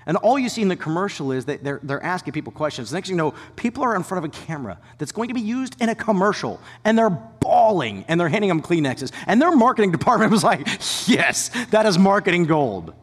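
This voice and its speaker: A man preaching a sermon as a pastor, shifting between animated storytelling and hushed, whispered emphasis. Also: high-pitched, breathy edge, long reverb tail. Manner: animated storytelling with quick asides.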